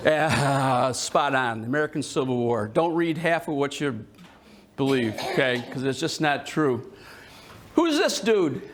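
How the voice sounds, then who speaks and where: A man's voice: mid-range voice, a little slow, noisy background. A man giving a history talk to a live audience in a museum, joking and quizzing the listeners as he goes. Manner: jokey and animated, quizzing the audience. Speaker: history presenter. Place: indoor museum hall with an audience.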